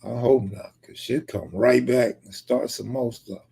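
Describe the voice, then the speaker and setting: A man's voice: medium pitch, fairly even intonation, a little slow, gravelly, warm tone, breathy edge. A man from California, live streaming and casually reading viewer comments aloud, bantering back with joking, profane remarks.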